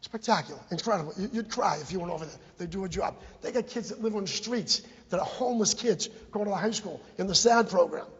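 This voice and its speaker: Husky man pleading at a meeting. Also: high voice, fast, hardly any pauses. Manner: emphatic, repetitive, exhorting. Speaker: bereaved parent giving public comment. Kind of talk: impassioned public comment at a town meeting. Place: town committee meeting room. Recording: dull, echoey public-access meeting recording.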